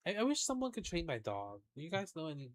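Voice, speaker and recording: A man's voice: on the high side, huge pitch swings, fast talker, a little hiss or hum. A man streaming a game, chatting casually in a rambling way and swearing now and then. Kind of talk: casual gameplay chat.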